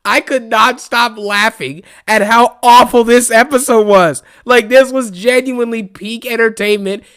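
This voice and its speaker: A man ranting casually as a wrestling reaction YouTuber, laughing often and talking in an animated, chatty way. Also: very high-pitched, measured pace, smooth. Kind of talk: casual unscripted rant.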